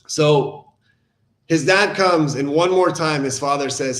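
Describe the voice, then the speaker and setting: A man's voice: a little high, takes it slowly, a bit bright. Earnest, casual man in an echoey room. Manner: earnest, informal, says "man" and "guys". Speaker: recovery talk presenter. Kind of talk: casual online talk.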